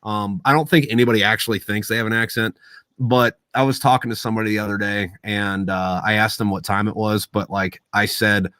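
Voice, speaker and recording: A man's voice: fairly low pitch, steady tone, fairly quick, bright, forceful tone, clean tone, no echo, studio quality. A man in casual podcast chat, rambling and swearing, laughing at his own jokes. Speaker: podcast guest.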